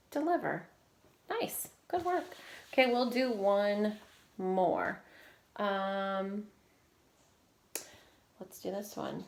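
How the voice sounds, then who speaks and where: A woman teacher leading a phonics lesson for children, slowly drilling sounds and praising often. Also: mid-range voice. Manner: slow, encouraging, drilling sounds with frequent praise. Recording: echoey room with faint noise.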